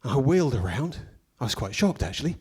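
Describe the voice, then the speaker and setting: A man doing a stand-up comedy routine, telling stories in a deadpan, mock-pompous way with dry asides. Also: medium pitch, fast, husky.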